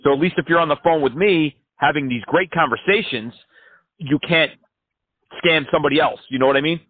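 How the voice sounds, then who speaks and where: A man's voice: a little high, brisk, no room sound, phone-quality sound. A man prank-calling scammers, taunting and cursing them with sarcastic jabs. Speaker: scam-baiting host.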